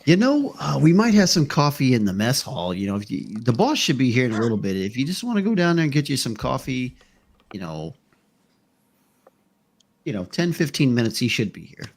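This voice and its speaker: A man's voice: mid-range voice, very animated, brisk. A man voicing a friendly, laid-back jail guard who talks in a folksy, rambling way. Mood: easygoing.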